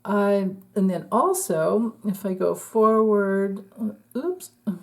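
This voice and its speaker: A woman's voice: medium pitch, lively intonation, slow. A woman astrologer giving a casual, chatty forecast, laughing often and trailing off mid-thought.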